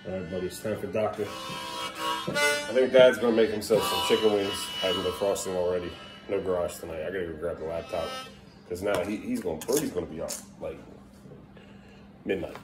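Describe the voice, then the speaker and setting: A man's voice: sits low, a little fast, pauses often, music in the background. A young dad filming a casual home vlog, talking to his kids at bedtime and now and then snapping at them in frustration. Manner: exasperated, scolding in bursts. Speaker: parent vlogger.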